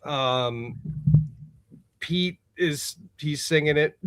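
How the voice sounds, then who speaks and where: A man with a slightly raised, lively voice that is a little high, very slow and smooth tells a story as a guest on a casual podcast. He laughs often, swears freely and pads his talk with loose fillers, and he comes through a remote call setup.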